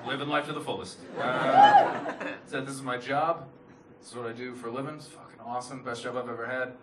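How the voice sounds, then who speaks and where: A man's voice: mid-range voice, wildly swooping pitch, brisk, heavy background noise. A Canadian man with a Canadian accent doing live stand-up, with a dry, sarcastic, self-deprecating delivery. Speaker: stand-up comedian. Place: comedy club stage. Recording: echoey club, loud crowd, from far off.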